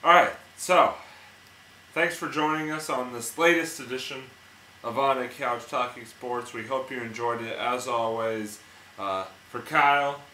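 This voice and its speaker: A man's voice: mid-range voice, measured pace, pushed and bright. A young man hosting a casual sports chat, upbeat, passing the floor and signing off the show. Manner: upbeat, signs off in a host's manner. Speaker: host. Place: indoor room. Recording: echoey room with faint noise.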